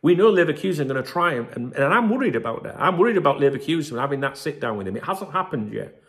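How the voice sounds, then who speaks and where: A man's voice: a little high, very animated, quick pace. A man hosting a football channel, talking casually and emphatically, often tagging "right?" and swearing. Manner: chatty, emphatic, keeps asking "right?", swears. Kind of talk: casual commentary to camera.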